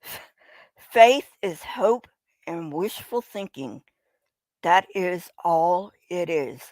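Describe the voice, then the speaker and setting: A woman's voice: on the low side, expressive, slow, a little mellow, no room sound. A woman streaming casual commentary in a blunt, sarcastic and mocking way.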